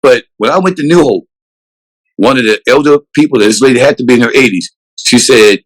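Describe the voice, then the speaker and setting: A man's voice: mid-range voice, fairly quick, rough recording. A man, with a voice sitting in the middle of the male range. He answers as a police chief in an interview. He is earnest and emphatic, and he often restarts his sentences. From South Carolina, USA.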